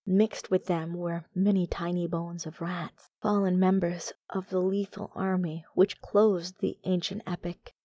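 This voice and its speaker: Mellow low-voiced woman reading horror. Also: little pitch movement, no room sound, dull audio. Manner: measured, deliberate reading. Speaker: audiobook narrator. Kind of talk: scripted narration of a gothic horror tale.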